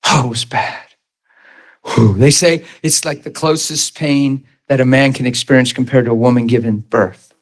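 A man in his thirties or forties preaching a personal testimony as a story, animated, laughing often and acting out the scenes. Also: medium pitch.

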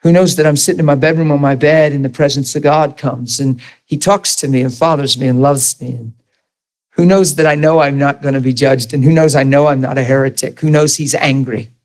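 A man preaching a sermon, asking the congregation rapid questions and dropping to soft, low storytelling. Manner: animated, rising to high emphatic questions to the crowd.

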